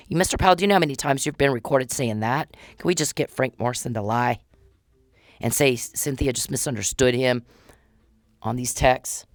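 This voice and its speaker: Woman, low voice, dry close sound, ranting blunt and profane at an official. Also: moderate pace, no echo, soft background music. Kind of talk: angry monologue addressed to an official.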